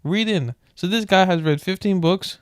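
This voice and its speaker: A man with a fairly high voice reads a book aloud in a relaxed late-night way. He trips over words and wanders off into joking asides before picking the text back up. The sound is dry and close, with no room echo. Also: normal speed, smooth. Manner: stumbles over words, breaks off into joking rants. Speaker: streamer reading aloud.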